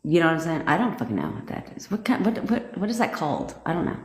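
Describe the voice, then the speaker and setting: A woman coaching viewers on a casual livestream, blunt and profane and quick to laugh as she greets people and cheers them on. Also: deep voice, huge pitch swings, roomy sound. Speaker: manifestation coach hosting a livestream.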